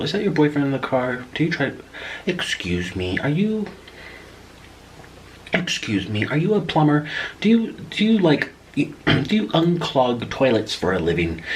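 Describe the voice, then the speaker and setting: A woman's voice: low voice, a little hiss or hum, pitched above the performer's own voice. A man voicing a puzzled local woman who keeps firing odd questions, stumbling and repeating "excuse me". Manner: halting, repeats "excuse me" nervously.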